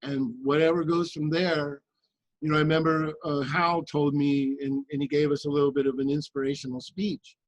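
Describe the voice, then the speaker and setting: A man talking earnestly and with passion in a group discussion, with halting restarts. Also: on the high side, little pitch movement, no room sound, poor audio. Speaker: guest in a remote viewing discussion.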